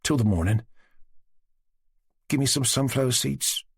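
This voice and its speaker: A man's voice: medium pitch, measured pace, creaky, breathy edge. A man as an ardent young Cossack suitor. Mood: coaxing. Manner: pleading, earnest.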